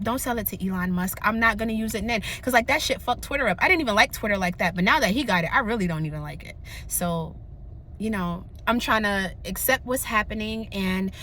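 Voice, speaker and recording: A young woman vlogging in candid casual chat, animated and slangy, often laughing. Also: mid-range voice, a little hiss or hum.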